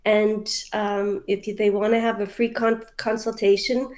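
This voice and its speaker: A woman's voice: medium pitch, little pitch movement, measured pace, darkish tone. A woman from Canada, a mental health coach, answering interview questions in a hesitant, heartfelt way full of fillers over a video call.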